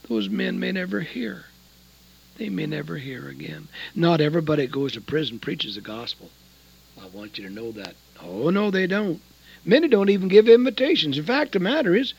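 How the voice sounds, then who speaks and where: Older husky preacher, wide-ranging delivery. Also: male voice, high-pitched, no echo, poor audio. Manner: swings from hushed to loud bursts, folksy. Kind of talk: sermon.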